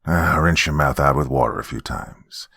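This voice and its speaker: A man voicing a stern, teasing middle-aged father with a gravelly voice and a mocking manner. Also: extremely low pitch, moderate pace, pushed and bright, dry recording, studio quality, voice pushed down, full character voice. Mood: gloating.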